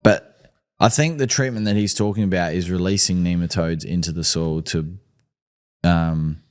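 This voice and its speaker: A man with an Australian accent hosting a live lawn care show, answering viewer questions in a hesitant, halting way. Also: low-pitched, fairly even intonation, clean tone. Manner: hesitant, lots of ums and restarts. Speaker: lawn care podcast host.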